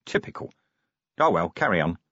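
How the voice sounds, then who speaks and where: Weary gruff cop boss, blunt and grumpy, man doing the voice, storybook, dull dry audio. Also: low voice, very animated, moderate pace, pushed and bright, dry recording, exaggerated voice. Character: gruff, weary male police commander, middle-aged.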